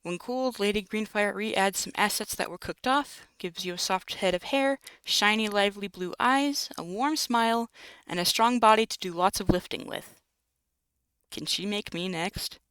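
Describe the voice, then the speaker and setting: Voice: mid-range voice, moderate pace, a bit bright, smooth, dry recording, poor audio. A host reading a text-based game aloud, breaking in with wry jokes and asides. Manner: wry, jokey, self-interrupting. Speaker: narrator and let's-play host.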